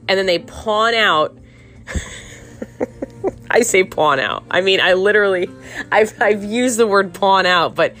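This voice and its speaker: A woman's voice: on the low side, a bit bright. A woman hosting a podcast, giving casual, sarcastic true-crime commentary that rambles with restarts and breaks into laughter. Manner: laughs often while talking. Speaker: podcast host.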